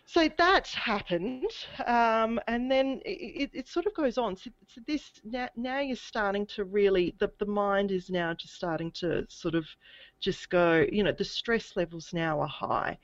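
A woman telling a personal story in a halting, hesitant way, with many restarts. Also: medium pitch, dry recording, highs cut off. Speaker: guest. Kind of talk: casual recounting of a personal experience.

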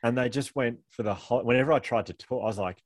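Fast-talking man, rambling and laughing. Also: medium pitch, no echo. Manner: fast, rambling, self-deprecating, laughing often. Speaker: guest author. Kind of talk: candid conversational storytelling.

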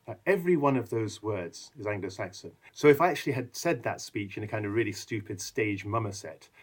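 A man's voice: on the low side, expressive, brisk, breathy edge. A man, a guest author in a podcast interview, talking animatedly and chuckling as he explains.

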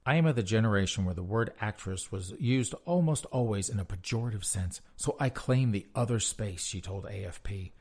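A man's voice: lowish voice, fairly quick, hardly any pauses, a little mellow, husky. A man reading news articles aloud and mocking them with sarcastic asides. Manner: mocking asides between read-out passages.

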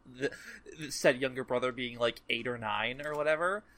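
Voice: mid-range voice, moderate pace, a bit bright. A podcast co-host in casual chat, telling an anecdote in a dry, sardonic way. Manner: wry, sardonic storytelling.

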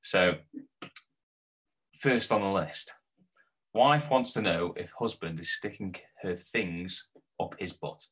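A man's voice: low voice, slow pace, pauses often, slightly rough, poor audio. A man co-hosting a podcast, chatting casually and laughing as he tells stories. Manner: laughing, animated storyteller. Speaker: podcast co-host. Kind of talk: casual chat.

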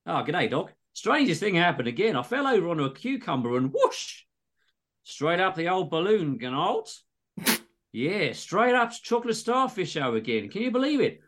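A yelping Aussie bloke. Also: male voice, sing-song, normal speed, fairly bright tone. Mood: chatty. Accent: exaggerated Australian. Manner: yelping in pain, high strained voice. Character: hapless male patient, Aussie bloke, middle-aged. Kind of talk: comedy story reading.

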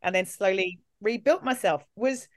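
A woman in her forties with an Australian accent softened by English tones, a podcast guest chatting candidly and mocking herself with frequent laughs. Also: mid-range voice, moderate pace, dry recording, clean studio sound. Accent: Australian with an English tinge. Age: 40s. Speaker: guest, comedian. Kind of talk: casual podcast chat.

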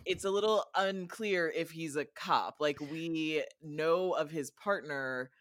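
A woman from the Midwest, a comedian guest, telling jokey stories in an animated way on a podcast. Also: sits low, takes it slowly, no echo, clean studio sound. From American Midwest. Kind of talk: casual podcast chat.

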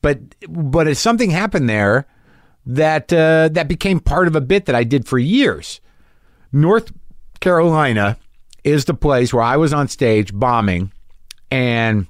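A middle-aged man, a podcast host and comedian, telling a stage story in a casual rambling monologue, stumbling over repeated words and jumping up in pitch when he acts out people from the crowd. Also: dry recording, studio quality. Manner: voice rises sharply when acting out audience members.

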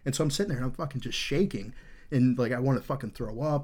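A man's voice: mid-range voice, fast talker, darkish tone. A man in his thirties hosting a podcast, telling a rambling, candid war story full of swearing. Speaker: podcast host.

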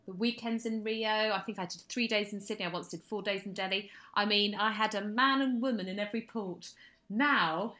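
A woman's voice: medium pitch, fairly quick, sharp tone. A woman in her thirties co-hosting a casual chat, wry and self-deprecating. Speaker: podcast co-host.

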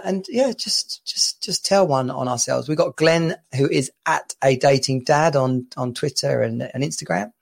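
A man's voice: medium pitch, creaky. A man hosting a casual podcast, chatting and telling stories with lots of laughter and restarts. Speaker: podcast host. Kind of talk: casual chat. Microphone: home podcast mic.

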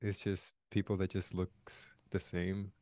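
A man co-hosting a podcast in casual chat, laid-back and halting, often chuckling. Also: sits low, completely flat delivery, a little mellow, no room sound, studio quality. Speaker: podcast co-host.

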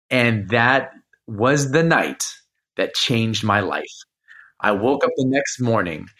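A man's voice: mid-range voice, fairly bright tone. Earnest man coach telling his story. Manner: earnest, heartfelt. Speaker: performance coach, podcast guest. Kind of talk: personal storytelling in an interview.

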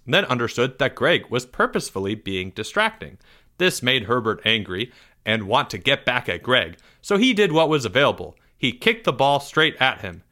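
A man narrates a children's story aloud with expressive delivery. He lowers his voice for suspense. His tone is bright and forward. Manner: expressive, drops softer for suspense.

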